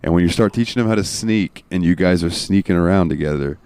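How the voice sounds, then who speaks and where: Deep-voiced male host, relaxed rambling chat, dry close sound. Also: fast talker, smooth, no room sound. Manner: relaxed, rambling with fillers and swearing. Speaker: podcast host. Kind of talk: casual chat.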